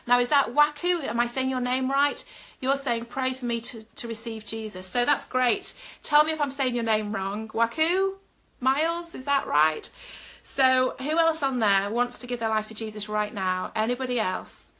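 Middle-aged woman minister, fervent, chatty live-stream preacher; a high, bright voice. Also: moderate pace. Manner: fervent, talks directly to viewers with filler ums.

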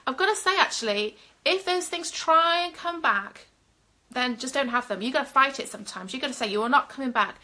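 Middle-aged woman minister, fervent, chatty live-stream preacher; a high, bright voice. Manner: fervent, talks directly to viewers with filler ums.

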